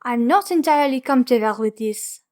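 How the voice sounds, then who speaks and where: Woman reading a no-nonsense therapist lady in an audiobook, firm and clipped, higher voice. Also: expressive, fairly quick, a little mellow. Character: firm female therapist guarding her session.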